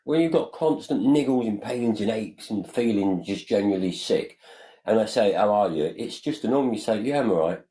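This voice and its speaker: Deep-voiced man chatting earnestly. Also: expressive, fairly quick, dark tone, low-quality recording. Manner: earnest, rambling, often says "you know" and "like". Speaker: podcast co-host. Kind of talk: casual chat.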